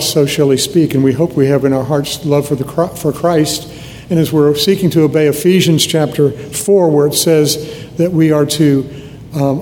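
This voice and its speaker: A man in his seventies from Nebraska preaching a sermon to a congregation in a conversational, earnest way, often restarting his sentences. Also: mellow. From United States (Nebraska). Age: 70s. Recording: long hall reverb, faint rumble.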